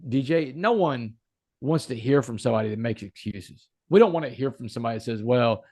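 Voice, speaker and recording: A man's voice: medium pitch, lively intonation, brisk, darkish tone, dry recording, clean studio sound. A man, a podcast guest, telling a personal story in an earnest, emphatic way. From United States.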